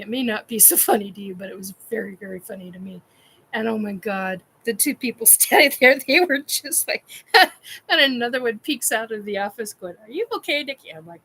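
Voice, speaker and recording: On a casual chat show, a podcast host recounts a funny personal story bluntly and candidly, laughing often. She speaks at medium pitch with a sharp, husky tone, and the audio quality is poor.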